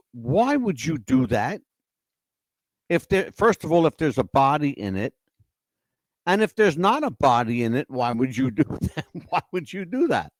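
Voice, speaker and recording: A man's voice: fairly high pitch, no echo. A man hosting a casual podcast, talking straight to his viewers, asking question after question and often repeating words as he goes. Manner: animated, questioning, addresses chat by name. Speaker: podcast host. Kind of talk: casual livestream talk to viewers.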